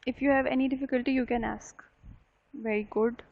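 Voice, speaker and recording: A woman's voice: high voice, fairly even intonation, fairly quick. Female university lecturer, live online lesson, repeats key points and checks in with students, lo-fi sound. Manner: explains and repeats points, often asks "right?". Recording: dull lo-fi online session audio.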